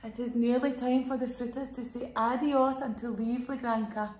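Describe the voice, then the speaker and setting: This bilingual story lesson for little ones comes from a Spanish teacher whose voice is a little high and darkish, with fairly even intonation and a moderate pace. Her telling is sing-song and exaggerated, she cues the children to repeat words, and the sound is reverberant.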